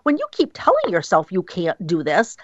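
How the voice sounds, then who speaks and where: A woman's voice: lowish voice, wildly swooping pitch, moderate pace, dry recording, muffled recording. A passionate woman guest in a radio interview, speaking emphatically and acting out quotes.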